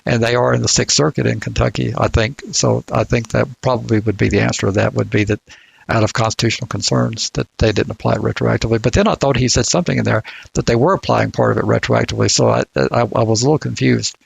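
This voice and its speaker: A man with a Southern drawl, talking through legal questions on a podcast in a deliberate, halting way with many restarts. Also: mid-range voice, fairly even intonation, creaky, husky, no echo, rough recording. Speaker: legal commentator. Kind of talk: casual podcast discussion.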